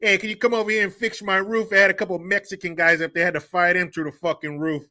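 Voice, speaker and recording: A man's voice: sits high, little pitch movement, fast talker, voice pushed up. A man doing a brash foul-mouthed New York Italian tough guy. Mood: demanding. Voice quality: brash, cursing, loud.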